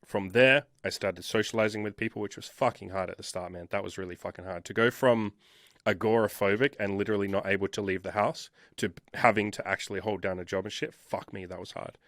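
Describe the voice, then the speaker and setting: A man in his thirties recounts his past in a casual interview. He talks emphatically and swears often. His voice sits a little low and sounds dry, close to the mic. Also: fairly even intonation, fairly quick, a bit bright, dry recording. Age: 30s. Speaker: guest.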